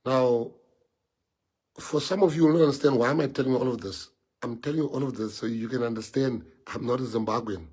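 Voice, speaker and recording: A man's voice: mid-range voice, a little fast, a little mellow, breathy edge. A South African man whose first language is Afrikaans, giving an emotional, rambling livestream address to party members and piling up rhetorical questions.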